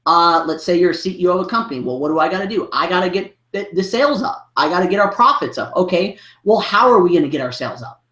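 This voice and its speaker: A man's voice: sits high, expressive, fast, pushed and bright. A man, a business coach, telling a story in a podcast interview, rambling with many restarts and filler phrases. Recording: roomy echo.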